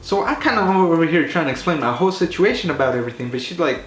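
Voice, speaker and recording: A man spins a comedic story in a loose, rambling, animated way, swearing freely and stumbling through fillers. His voice sits a little high for a man. The room is echoey, with a faint hiss underneath. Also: quick pace. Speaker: comedy vlogger. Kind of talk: casual profane storytelling.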